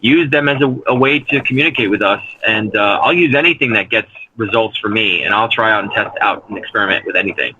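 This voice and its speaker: A man's voice: on the low side, fast, pushed and bright, dull audio, a little hiss or hum. A man being interviewed as a paranormal investigator, talking earnestly in long rambling runs full of fillers and restarts. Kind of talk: casual interview talk.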